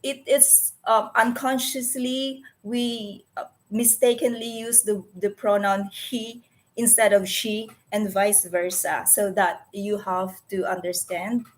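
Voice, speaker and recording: A woman's voice: mid-range voice, flat delivery, takes it slowly. Filipino-accented woman in her 40s doing a live stream at her computer, earnest, keeps restarting and fixing her words. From Philippines. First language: Tagalog. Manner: earnest, searching for words, frequent self-corrections. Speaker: livestream host. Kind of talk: casual live-stream chat.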